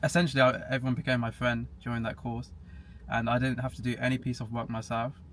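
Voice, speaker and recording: A man's voice: medium pitch, level tone, fast, fairly bright tone. A young man chatting casually as a podcast guest, matter-of-fact and laughing at himself now and then. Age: young adult. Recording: faint background hiss.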